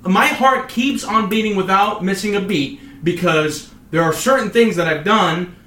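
A man co-hosting a casual podcast chat, animated and repetitive, often acting out his own inner voice. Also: sits high, moderate pace, roomy sound. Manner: animated, acts out inner voices, repeats phrases. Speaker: podcast co-host.

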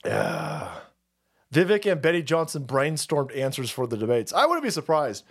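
A man's voice: on the high side, big pitch swings, normal speed. A man hosting a livestream, ranting about politics in a heated, profane, repetitive way. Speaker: livestream host.

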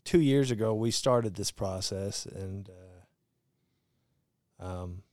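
A man who is a guest in a casual chat, speaking in a halting way with many restarts. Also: fairly low pitch, a little mellow, dry recording. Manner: halting, hesitant, restarts often.

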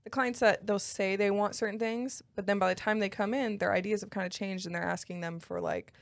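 A woman co-hosting a casual podcast chat about tattoo shop life, agreeable and quick to laugh. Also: mid-range voice, fairly even intonation, creaky. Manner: chatty, agreeable, laughs often. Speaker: podcast co-host handling shop booking.

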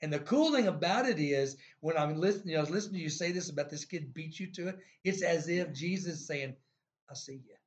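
A man's voice: on the high side, fast, few pauses. A man hosting a faith-based interview, affirming the guest and talking in a preacherly way. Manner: affirming listener, many "yeah"s, preacherly. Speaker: host. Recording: slightly dull recording.

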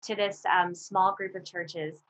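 A woman co-hosting a casual chat, telling a lively story and acting out what people said. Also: on the low side, unhurried. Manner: animated storyteller, acts out quotes. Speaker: podcast co-host. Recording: slightly dull audio with faint background noise.

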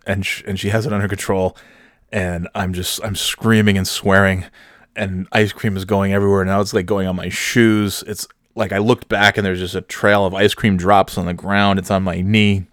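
A man's voice: sits low, fairly bright tone, no room sound, clean studio sound. A man telling a rambling comic story about himself, self-mocking and swearing freely. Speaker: comedian storyteller.

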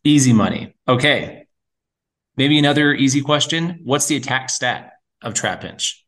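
A man co-hosting a casual podcast, reading out quiz questions in a playful, slangy, excitable way. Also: medium pitch, moderate pace. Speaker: podcast co-host. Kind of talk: casual chat, quiz host.

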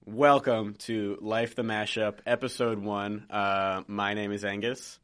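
A young man in college co-hosting a casual podcast, leading the talk with a relaxed, teasing manner. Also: on the low side, measured pace, clean tone. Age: young adult. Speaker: podcast co-host. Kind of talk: casual chat.

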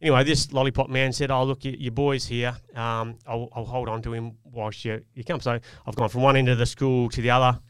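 A man's voice: medium pitch, little pitch movement, fairly quick, few pauses, clean tone, dry recording, clean studio sound. A man, telling a personal parenting story in an earnest, reflective way on a casual podcast. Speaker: podcast co-host. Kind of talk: casual chat.

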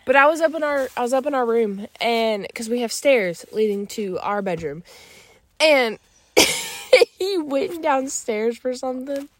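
A woman's voice: on the high side, unhurried, no room sound. A young woman co-hosting a casual chat podcast, retelling a story with frequent laughter. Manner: laughs through her story, animated retelling. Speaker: podcast co-host.

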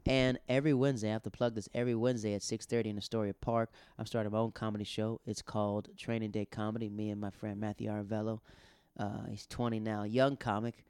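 A man's voice: lowish voice, smooth, no echo. Man casually recounting his comedy week. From American South. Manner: loose, animated retelling with acted-out quotes. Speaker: stand-up comedian. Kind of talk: casual storytelling monologue.

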